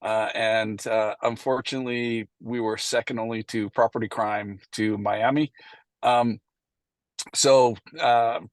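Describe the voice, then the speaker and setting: A man's voice: medium pitch, steady tone, unhurried, no echo. A middle-aged man gives a casual, anecdotal presentation at a meeting, acting out past conversations and using many fillers. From Canada. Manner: anecdotal, acts out past dialogue, frequent fillers.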